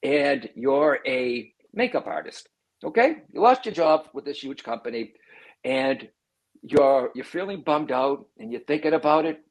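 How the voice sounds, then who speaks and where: A man, a guest on a talk show, explaining in an animated conversational way and acting out the voices he quotes. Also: mid-range voice. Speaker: psychic medium guest.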